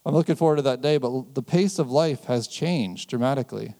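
A man in his fifties giving a conversational sermon, telling personal stories in a relaxed, anecdotal way. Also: medium pitch, fairly quick. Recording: long hall reverb.

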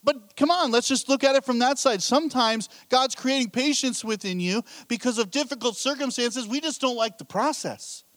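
A man's voice: extremely high pitch, normal speed, hardly any pauses, fairly bright tone, dry recording. A middle-aged man preaching a sermon as pastor, telling candid, self-deprecating stories with a laugh.

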